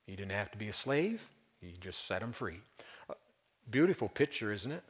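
A man's voice: fairly low pitch, sing-song, normal speed, husky. Man preaching in an echoing hall. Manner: conversational, emphatic, with brief chuckles. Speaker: pastor. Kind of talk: expository sermon.

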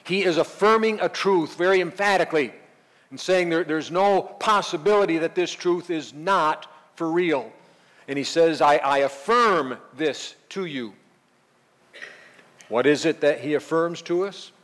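Earnest man preaching, slightly high voice. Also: normal speed, long reverb tail. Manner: earnest, emphatic teaching with repeated phrases. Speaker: pastor. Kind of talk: verse-by-verse sermon.

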